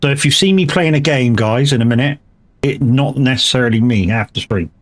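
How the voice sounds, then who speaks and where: A man's voice: medium pitch, fairly quick. A male live streamer chatting loosely while he plays, with a mid-range voice. He rambles from one thing to the next, drops casual swear words and restarts his sentences often.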